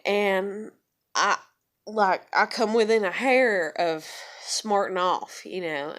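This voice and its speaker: Swearing woman rambling casually. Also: medium pitch. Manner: rambling, heavy swearing, many fillers. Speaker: vlogger. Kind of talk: casual personal monologue.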